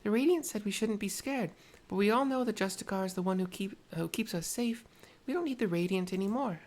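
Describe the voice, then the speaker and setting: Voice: medium pitch, brisk, a little mellow, pitched above the performer's own voice, close to an everyday voice. A gamer voicing a little girl who worships a local hero, pleading and childlike. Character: small anxious girl who idolizes a hero.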